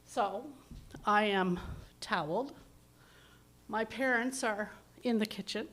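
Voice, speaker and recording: A woman in her fifties tells a funny story from her past at a live open mic night. She talks in a chatty, self-deprecating way, with an animated delivery and a voice of middle pitch. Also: slow pace. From Ontario, Canada.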